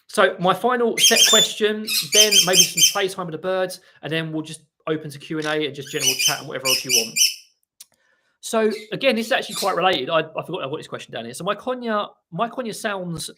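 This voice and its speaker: A man hosting a casual live stream about parrot training, chatty and rambling as he reads viewer comments and talks softly to his birds at home. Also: fairly high pitch, gravelly, very noisy.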